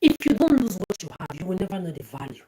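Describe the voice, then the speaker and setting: A woman's voice: mid-range voice, big pitch swings, fast, dark tone, slight background noise, low-quality recording. A woman from Nigeria, delivering an angry, profane, repetitive monologue to camera. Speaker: social media ranter.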